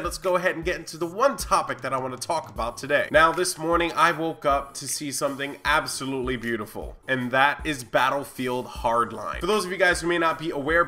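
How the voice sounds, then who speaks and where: A young man with a congested voice from a cold, hosting his own gaming channel and talking through game news in a chatty, excited way. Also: fairly high pitch. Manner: enthusiastic, chatty, many fillers. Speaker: gaming video host. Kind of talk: casual gaming news vlog.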